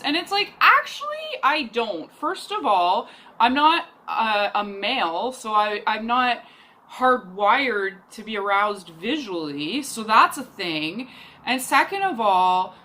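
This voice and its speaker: A woman's voice: a little high, very animated, takes it slowly, sharp tone. A young woman from Canada telling a dating story in a chatty, exasperated way, full of fillers. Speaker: podcast host. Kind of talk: casual storytelling monologue.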